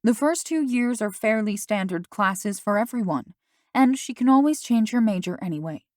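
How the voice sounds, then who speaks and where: A woman voicing a worried, gentle mother who questions her daughter in a soft, coaxing way. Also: medium pitch, lively intonation, normal speed, no echo, studio quality, lightly acted.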